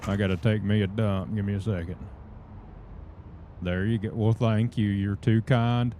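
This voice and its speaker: A man with a Southern US accent chats through a live game stream in a slow, folksy drawl. His low voice is warm and mellow. A faint hiss sits under the sound. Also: level tone. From southern United States. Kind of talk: live gameplay commentary.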